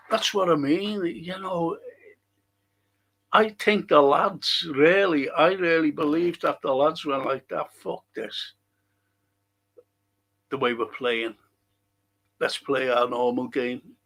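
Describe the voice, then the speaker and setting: A man's voice: a little high, gravelly, fairly bright tone. A middle-aged man hosting a casual live stream, reading out viewer comments, answering them and swearing now and then.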